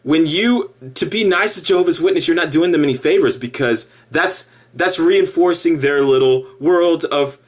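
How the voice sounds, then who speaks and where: A middle-aged man ranting casually to camera about his past, animated and sarcastic, with laughing asides. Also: fairly high pitch, moderate pace, hardly any pauses. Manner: animated, laughing asides, mock-cheerful impressions. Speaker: ex-member giving opinions.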